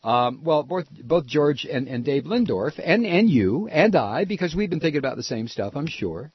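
A male talk-radio host tears into his targets with profane, sarcastic outrage. His husky voice sits fairly high and swings widely. The sound is dry and a little dull. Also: sing-song, normal speed, no room sound. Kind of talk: angry political talk radio.

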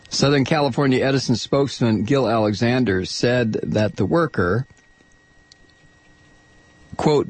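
A man hosting a political talk radio show, reading news in a sarcastic, animated way that climbs into outraged shouting. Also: on the low side, slightly rough, no echo.

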